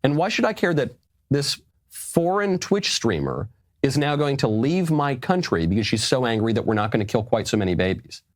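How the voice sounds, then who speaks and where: A man's voice: mid-range voice, sing-song, normal speed, dry recording, clean studio sound. Sarcastic lecturing male commentator. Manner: sarcastic, lecturing, laughs at his own points. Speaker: political commentator. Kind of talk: political commentary clip.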